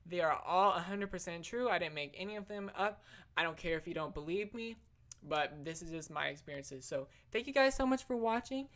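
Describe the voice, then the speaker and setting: A young adult woman tells stories for her casual vlog, chatty and slangy, packing in "like" and "literally." Her voice is on the low side and a bit bright, and she speaks briskly.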